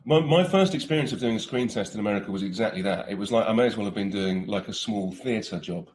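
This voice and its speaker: A man's voice: on the low side, fast, a little mellow. A British man in his forties, an actor chatting casually in an interview, laughing often and restarting his sentences.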